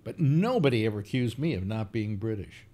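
An older man hosting a casual talk, rambling through stories with plenty of fillers. His voice is low, dark and a little husky, with a lively rise and fall. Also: a little fast. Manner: rambling, animated storytelling with many fillers. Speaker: host. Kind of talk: casual chat.

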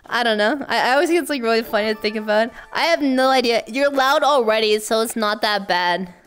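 A woman streamer with a high, squeaky voice, chatting casually and excitably with her chat, often shrieking and laughing. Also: a little fast, clean tone.

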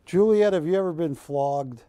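A man's voice: a little high, moderate pace, warm tone, no room sound. A man hosting a live shopping channel, joking with the crew and counting prices down. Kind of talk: live TV sales pitch and banter.

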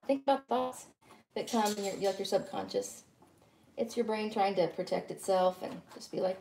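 A woman's voice: medium pitch, steady tone, normal speed, a little mellow, slight background noise. A middle-aged woman, chatting casually and rambling to live-stream viewers while teaching painting.

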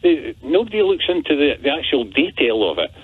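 A man's voice: fairly high pitch, sing-song, brisk, slightly rough, no echo. Hesitant man on a phone line. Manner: hesitant, filler-heavy, earnest. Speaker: caller. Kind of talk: phone-in call. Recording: dry tinny phone line.

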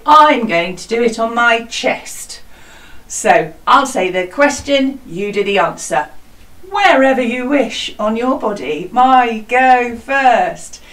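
Lively British teacher woman, a bit distant. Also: fairly high pitch, takes it slowly. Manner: bright, encouraging, singsong teacher voice. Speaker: primary school music teacher. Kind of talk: home music lesson for children. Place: small hut classroom.

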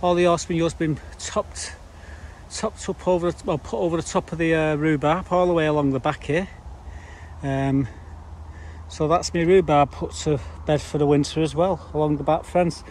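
A man's voice: fairly high pitch, steady tone, moderate pace, a little mellow. A man chatting casually to camera as he works his allotment garden, rambling along with dry, grumbling asides. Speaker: allotment vlogger. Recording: faint background noise outdoors. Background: faint outdoor ambience.

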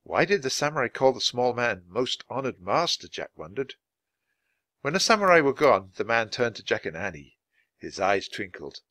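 Lively male storybook narrator. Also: mid-range voice, moderate pace, no echo, studio quality. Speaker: storybook reader. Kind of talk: audiobook narration for language learners.

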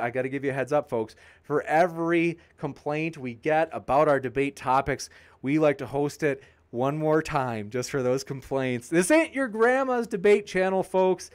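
A man's voice: mid-range voice, clear, resonant tone. A man hosting a live debate stream, reading viewer comments aloud and answering them with upbeat, jokey banter. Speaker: debate channel host.

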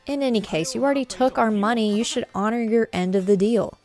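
A woman reading a young nobleman from a game, pitched up and earnest. He pleads and protests, defensive about his honour. Faint game music sits under the voice. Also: a little fast, darkish tone, natural voice. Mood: indignant. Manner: pleading then indignant. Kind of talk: reading game dialogue aloud.

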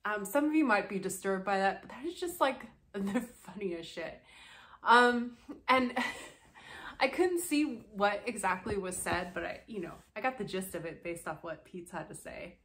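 A woman's voice: medium pitch, lively intonation, unhurried, a bit bright. A young woman giving casual commentary, sarcastic and swearing freely, breaking into laughter often. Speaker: commentary channel host.

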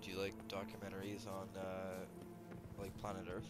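A man's voice: sits low, monotone, normal speed, faint music behind. A young man hosting a casual gaming chat, joking crudely. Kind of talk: casual banter while gaming.

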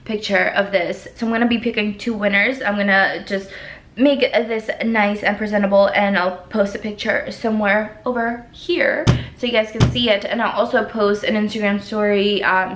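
A woman's voice: mid-range voice, background noise. A young woman chatting casually to her channel's viewers, rambling and sometimes talking while eating. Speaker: YouTuber. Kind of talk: casual vlog chat. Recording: roomy room echo.

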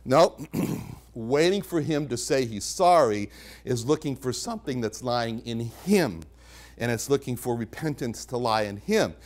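A man's voice: medium pitch, expressive, a little slow. A man preaching a sermon, teaching from the Bible with emphatic repetitions. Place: church chapel.

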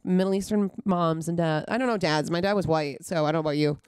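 Low-voiced woman, blunt and quick. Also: darkish tone, smooth, dry recording. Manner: blunt, swears often, quick asides. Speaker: comedian guest. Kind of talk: casual chat.

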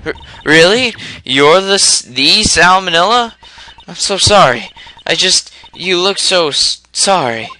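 A man's voice: sits high, expressive, unhurried, pushed and bright, a little hiss or hum, pitched above the performer's own voice, full character voice. A man voicing a young male rookie defense lawyer in a video game, stammering and flustered.

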